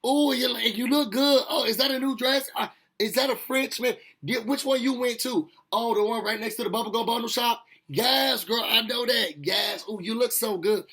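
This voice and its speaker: A fawning, over-sweet young woman, as a man puts her on gushes in a squealing high voice with a breathy, husky grain. Her chatter tumbles out breathless and flattering, pitched far above a man's usual talk. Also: moderate pace, hardly any pauses, exaggerated voice. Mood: gushing.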